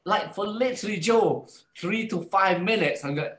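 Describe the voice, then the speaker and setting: A man guest telling a personal story in a casual live talk, animated and acting out the voices of people he describes. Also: high-pitched, a little slow, roomy sound.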